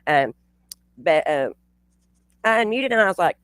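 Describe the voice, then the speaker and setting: A woman's voice: fairly low pitch, big pitch swings, a little slow, a bit bright, no room sound. A woman hosting a livestream, telling a story bluntly and profanely, with rambling restarts. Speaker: channel host.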